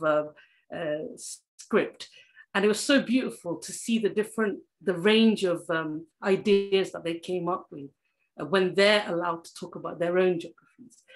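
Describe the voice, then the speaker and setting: A woman's voice: lowish voice, low-quality recording. A woman geography teacher answering on a discussion panel, telling classroom stories in an earnest, heartfelt way that often starts over mid-sentence. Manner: earnest, heartfelt storytelling with frequent restarts.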